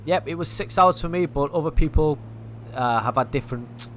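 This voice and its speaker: A man's voice: on the high side, moderate pace, fairly bright tone, slight background noise. A man with a Manchester accent chatting and thinking aloud over a game he plays, casual and a little sweary. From England. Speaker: gaming streamer. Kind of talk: casual gameplay commentary.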